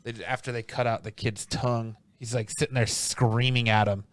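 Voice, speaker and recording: A man hosting a laid-back comic review chat, his voice smooth and resonant in a dry, close space. He rambles through each summary, doubling back and filling pauses with ums. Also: medium pitch, fairly even intonation, dry recording. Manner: rambling, restarts often, many ums. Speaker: comic book reviewer, podcast host.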